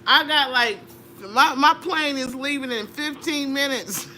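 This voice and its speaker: Middle-aged woman guest, lively storyteller, bright tone. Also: high-pitched, measured pace, slight background noise. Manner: animated, laughing, acts out voices in her story. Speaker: interview guest. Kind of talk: conversational storytelling.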